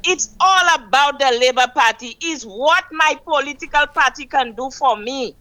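A woman with a Saint Lucian accent, calling in to a radio talk show and preaching hard about politics, stressing words slowly and emphatically. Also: sits high, sharp tone, poor audio. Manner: impassioned, preachy, emphatic with slow drawn-out stresses. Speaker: caller. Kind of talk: call-in radio political rant.

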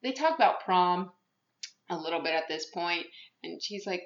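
A woman's voice: on the low side, animated, moderate pace. Woman, podcast host, rambling casual movie recap, echoey room, muffled sound. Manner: rambling storytelling with many fillers and restarts.

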